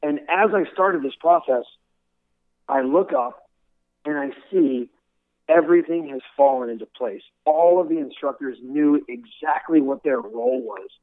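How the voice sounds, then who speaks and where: A man's voice: a little high, a little slow, dry recording. Earnest guy telling war stories, thin phone-line sound, dry. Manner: earnest, repeats words when restarting. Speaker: guest, former military instructor. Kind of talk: conversational storytelling interview.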